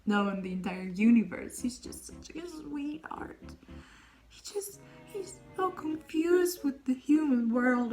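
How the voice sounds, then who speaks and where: A young woman chatting casually about books on her vlog, gushing and rambling, often dropping into breathy whispered asides. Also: fairly high pitch, dark tone, low-quality recording. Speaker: book vlogger. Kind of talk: casual book talk.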